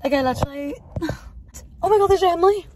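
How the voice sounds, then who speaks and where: A woman's voice: very high voice, fast, darkish tone, slight background noise. A young Irish woman vlogging casually to her phone while out and about, rambling and bubbly with lots of "like". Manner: bubbly, rambling, heavy use of "like". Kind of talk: casual vlog chat to camera. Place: outdoors in countryside and a park.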